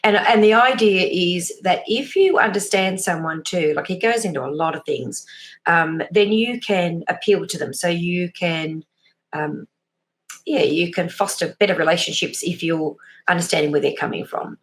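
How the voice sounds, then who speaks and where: A woman's voice: lowish voice, moderate pace. A woman, a behavioural profiler chatting as an interview guest, loose and self-deprecating, acting out small examples as she explains. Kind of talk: casual interview chat.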